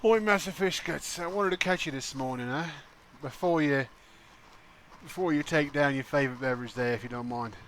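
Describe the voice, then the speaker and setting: A man's voice: on the high side, brisk, fairly bright tone, slight background noise, natural voice. A man voicing an earnest male pirate who pleads with a friend in a heartfelt speech. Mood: pleading.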